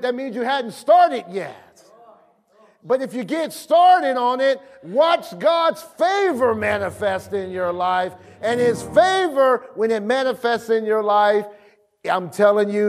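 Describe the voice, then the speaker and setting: High-voiced preacher in a reverberant hall. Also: male voice. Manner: preaching with call-and-response and rising shouts. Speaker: pastor. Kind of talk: sermon.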